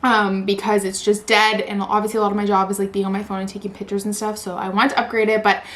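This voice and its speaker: A woman in her twenties unboxing a new phone in a vlog, gushing and squealing with excitement, saying "like" and "oh my god" constantly. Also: mid-range voice, quick pace. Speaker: vlogger.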